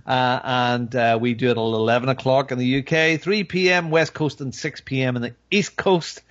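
A man's voice: mid-range voice, steady tone, moderate pace, fairly bright tone. A man hosting a live podcast, chatting casually in a jokey, rambling way. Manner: jokey, rambling, laughs a lot. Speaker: podcast host. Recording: dull lo-fi sound.

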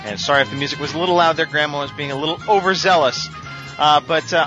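A man's voice: on the high side, fairly even intonation, music in the background. A man hosting a casual gaming podcast, running through long lists of releases with frequent fillers. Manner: reads long lists of titles briskly, with many fillers. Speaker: podcast host. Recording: slightly dull lo-fi podcast audio.

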